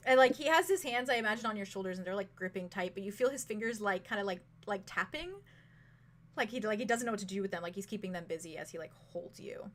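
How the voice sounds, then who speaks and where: A woman narrating as game master of a tabletop game, describing scenes slowly with many fillers. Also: medium pitch, animated. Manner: slow, filler-laden, vivid description.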